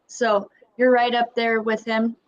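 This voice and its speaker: A woman's voice: on the high side, completely flat delivery, measured pace, lo-fi sound, a crowd in the background. A woman co-hosting a casual interview, speaking hesitantly with lots of fillers. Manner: hesitant, filler-heavy, warm praise. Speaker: co-host.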